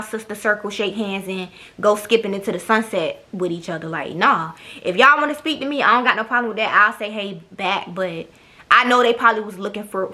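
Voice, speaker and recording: A woman's voice: mid-range voice, sharp tone. A young woman, telling a blunt, profane storytime to her camera. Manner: blunt, profane, sassy, mimics others. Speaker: vlogger. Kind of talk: casual storytime monologue.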